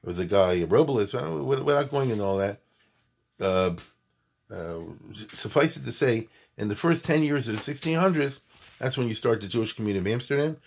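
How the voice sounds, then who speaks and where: A man teaching Jewish history in a lively, emphatic classroom talk, full of asides and restarts. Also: mid-range voice, fairly quick, vocal fry, slightly rough. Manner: animated, emphatic, conversational with many asides and restarts.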